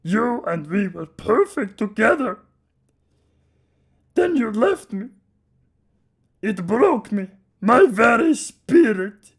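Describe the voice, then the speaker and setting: A man voicing a hulking, simple-minded male brute who speaks in broken, slow phrases with a Russian-tinged put-on accent. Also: sits high, very animated, voice pushed up, full character voice. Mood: mournful. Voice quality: gravelly, raspy, broken speech. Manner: slow, loud, shouting. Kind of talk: dramatic story reading.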